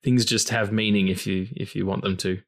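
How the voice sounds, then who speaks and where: A man's voice: lowish voice, level tone, brisk, gravelly. A man hosting a film podcast in casual chat, rambling and philosophizing with frequent swearing. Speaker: podcast host.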